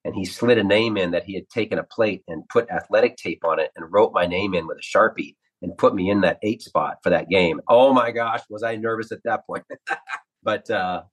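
Man in his 50s, ex-ballplayer guest, husky lower voice, lively storyteller. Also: normal speed, low-quality recording. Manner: animated anecdotes, acts out quotes. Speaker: former ballplayer, radio analyst. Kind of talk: storytelling interview.

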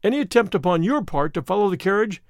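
A man's voice: high-pitched, expressive, quick pace, dry recording, studio quality. A man reading an audiobook, voicing a curt, formal henchman. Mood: cold. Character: cold, curt male henchman. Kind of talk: audiobook character voice.

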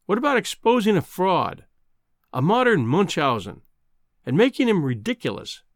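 A man reading a balding old Scottish editor, kindly and a touch fussy. He talks in a measured way and gets easily alarmed. The voice swings up and down a lot, set close and dry, as in a storybook recording. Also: high-pitched, sing-song, no room sound.

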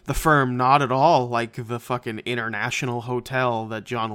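Male podcast co-host, mid-pitch, foul-mouthed and sarcastic, dry close sound. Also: level tone, normal speed, hardly any pauses, bright, forceful tone, clean tone, dry recording. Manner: profane, sarcastic, laughs often. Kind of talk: casual movie-review chat.

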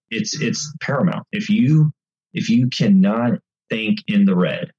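A man telling casual stories about bike racing, acting out rider chatter with lively energy. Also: low-pitched, slightly rough, dull audio. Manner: animated, acts out race chatter. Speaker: bike racing guest commentator. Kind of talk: casual storytelling.

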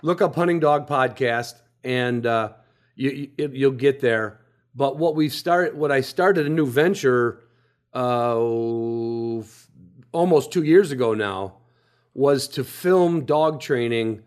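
A man hosting a podcast, talking in a relaxed, rambling way and often restarting his sentences. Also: medium pitch. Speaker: podcast host. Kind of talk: casual podcast chat.

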